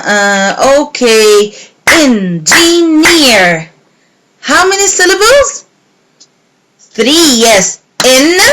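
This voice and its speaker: A woman teacher giving a recorded English lesson to young pupils, repeating words slowly and clearly. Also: on the high side, a bit bright, slight background noise, low-quality recording. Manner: slow, clear, repeating words and clapping syllables.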